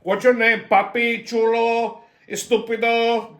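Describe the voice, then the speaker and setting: A man putting on a mocking impression of a young woman lost in the woods, with a Puerto Rican accent, higher than his own voice. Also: level tone, slow pace, fairly bright tone, reverberant, full character voice.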